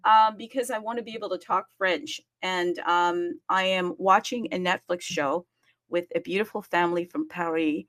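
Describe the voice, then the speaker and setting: Chatty bubbly lady hosting a live audio room, laughs a lot, voice jumps up when excited, dry close mic. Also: lowish voice, moderate pace, no room sound. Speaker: host of a live audio space. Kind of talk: casual live-stream chat.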